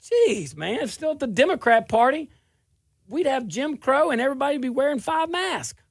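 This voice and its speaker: A middle-aged man from South Louisiana hosting a political talk show, delivering a sarcastic, animated monologue with frequent laughs. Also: very high voice, normal speed, creaky, dry recording, studio quality.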